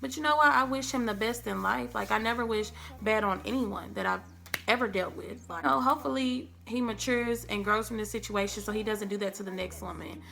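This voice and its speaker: A young woman vlogger, telling a dramatic storytime in a casual, animated way. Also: on the high side, a little fast, gravelly. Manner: animated, dramatic, acts out quotes. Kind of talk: storytime vlog. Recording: faint background music.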